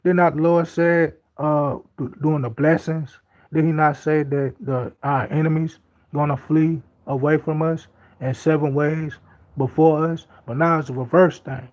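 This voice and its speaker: On slightly dull lo-fi audio, a man gives an informal Bible teaching, reading scripture and then commenting in loose everyday language, repeating himself emphatically. His voice is on the high side, steady and darkish, at a moderate pace.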